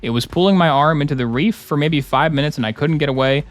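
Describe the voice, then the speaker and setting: A young man with a fairly high voice talks fast while streaming a game. His commentary is casual, rambling and jokey, sprinkled with playful asides.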